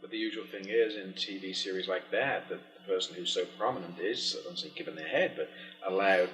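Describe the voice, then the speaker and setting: A man working as an entertainment journalist, asking halting, probing questions. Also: deep voice, fairly bright tone. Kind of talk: interview questions. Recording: roomy echo with faint music.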